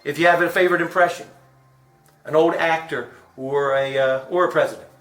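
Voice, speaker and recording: A man interviewing a coach, chatting casually and telling rambling stories with halting restarts. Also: on the high side, fairly even intonation, a bit bright, faint music behind. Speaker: interviewer and comedian. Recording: echoey room.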